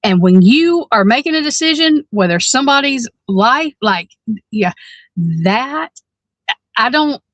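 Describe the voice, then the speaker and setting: Lady in her 40s on a true-crime podcast, fired up and blunt, cusses a lot, kinda high voice, dry close sound. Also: lively intonation, measured pace, no echo. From Alabama. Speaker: podcast co-host. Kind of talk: casual true-crime discussion.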